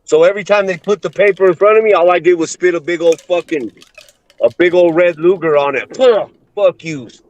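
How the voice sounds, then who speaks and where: A man's voice: sits high, brisk, a little mellow, dry recording, dull audio. A man telling blunt, profane stories in casual chat, calling others bro.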